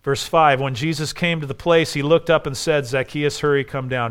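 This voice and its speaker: A man preaching a sermon, emphatic, dropping soft and then rising loud. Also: on the high side, fairly even intonation, normal speed, few pauses, smooth.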